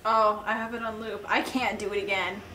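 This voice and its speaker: A woman's voice: medium pitch, level tone, fairly quick, bright, forceful tone, a little hiss or hum. Teary, rambling young woman reacting to music. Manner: emotional, rambling, fighting back tears. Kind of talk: casual reaction commentary. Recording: roomy echo with music playing behind.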